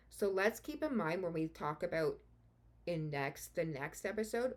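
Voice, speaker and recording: A woman with a somewhat low voice hosts a true-crime podcast in loose, unscripted storytelling. She swears freely and lets her indignation show as she talks. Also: animated, normal speed. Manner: blunt, swears freely, gets openly indignant. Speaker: podcast host.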